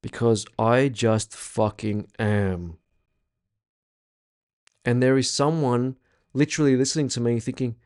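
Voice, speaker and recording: A man's voice: mid-range voice, fairly even intonation, unhurried, long pauses, a little mellow, clear, resonant tone. Young male spiritual teacher, casual and blunt, heavy swearing, hammers points by repeating them. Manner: blunt, swears freely, emphatic repetition. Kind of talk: casual workshop talk.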